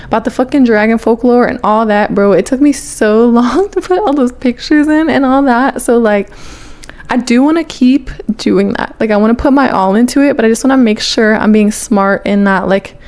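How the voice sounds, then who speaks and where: A young woman with a somewhat high voice chats casually to her vlog camera. She rambles along, peppering her talk with "like" and the odd swear word. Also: moderate pace, a little mellow. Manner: chatty, rambling, fills with 'like', casual swearing. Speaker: vlogger.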